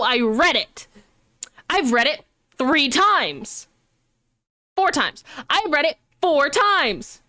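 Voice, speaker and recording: A young woman streamer chatting casually, animated and rambling, with frequent swearing. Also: sits high.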